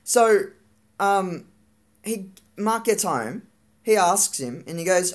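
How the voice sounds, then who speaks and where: A woman's voice: lowish voice, big pitch swings, measured pace. A woman in her thirties venting angrily in a sweary, rambling monologue, acting out arguments with her family. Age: 30s. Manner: angry, sweary ranting with quoted arguments.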